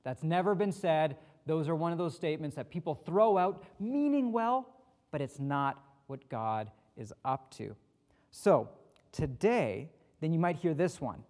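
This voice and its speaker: A man's voice: fairly high pitch, animated, unhurried, darkish tone. A man preaching a conversational sermon as pastor, acting out the people he quotes, with touches of self-deprecating humor. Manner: casual, acts out quoted speakers.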